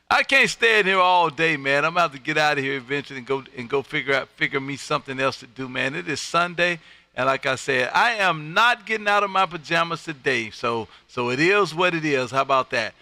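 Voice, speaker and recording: A man from Texas, making ham radio contacts on a live stream from his radio room, loud, upbeat and quick to laugh. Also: a little high, no echo. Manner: loud, upbeat, laughs often, friendly drawl.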